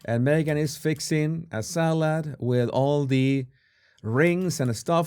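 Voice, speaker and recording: A man commenting casually on a video clip in a halting, sarcastic way, with frequent restarts. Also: fairly high pitch, a little mellow, clean tone. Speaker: body language commentator.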